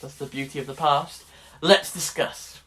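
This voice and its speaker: A man's voice: a little high, fairly even intonation, moderate pace, over loud music. A young man in his late teens chatting wryly in a casual vlog about his drama course. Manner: chatty and wry, restarts sentences. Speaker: drama student vlogger.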